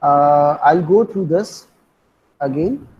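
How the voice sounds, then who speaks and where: Husky, hesitant man on dull call audio. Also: on the high side. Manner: hesitant, full of "uh" pauses. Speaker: co-instructor. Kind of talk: online class discussion.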